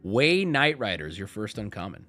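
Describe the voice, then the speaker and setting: A male streamer opening card packs live in casual, joking chat. His pitch swings widely, and he breaks into shouts when a rare card appears. Faint music plays underneath. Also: big pitch swings, moderate pace.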